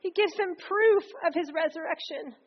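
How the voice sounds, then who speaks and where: A woman preacher delivering a sermon in a conversational, energetic way, often slipping into acted quotes. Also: extremely high pitch, moderate pace. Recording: dull lo-fi recording.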